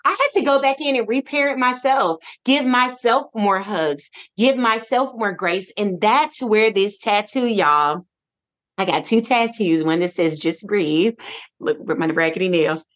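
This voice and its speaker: Animated woman sharing her parenting story. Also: medium pitch, a little slow. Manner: animated, expressive storytelling with frequent restarts. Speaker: podcast guest, parent. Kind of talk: casual conversational interview.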